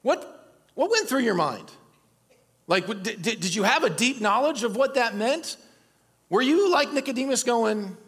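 A man preaching a conversational sermon, telling the story in a casual, lively way and speaking straight to the congregation. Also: very high-pitched, normal speed, breathy edge, in a large hall.

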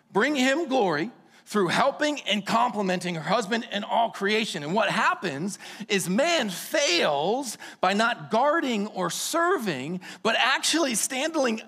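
Guy preaching a sermon, high and really lively, jumps to shouting then jokes around, big echoey church hall. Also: unhurried, breathy edge. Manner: animated, with sudden shouts and jokey asides. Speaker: pastor. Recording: long reverb of a large hall.

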